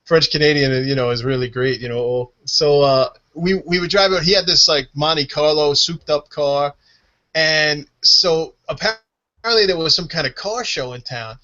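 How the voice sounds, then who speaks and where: New York guy co-host, casual profane chat, bright tense voice, slightly high. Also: moderate pace, lo-fi sound. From United States. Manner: profane, animated, laughing.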